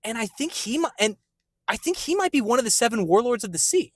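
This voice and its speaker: A man co-hosting a movie podcast in casual chat, animated and quick to laugh. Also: extremely high pitch. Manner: animated, excitable, laughs easily. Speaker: podcast co-host. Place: in a parked car.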